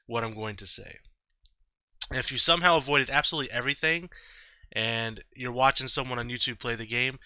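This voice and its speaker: A man's voice: medium pitch, bright, forceful tone, smooth, dry recording. A man hosting a let's-play, rambling through casual gameplay commentary at home and often correcting himself. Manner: rambling, self-correcting, chatty. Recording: slightly dull lo-fi mic.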